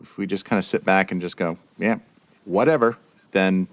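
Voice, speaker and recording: Male host, deep voice, expressive and quick to laugh, close and dry. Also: dry recording. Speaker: podcast host. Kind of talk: casual interview chat.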